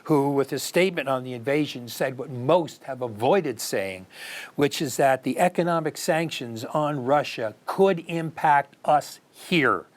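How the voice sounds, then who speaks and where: Man, news commentary host, scripted opinion, earnest, rhetorical questions, middle-aged, average pitch. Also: lively intonation, measured pace. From United States.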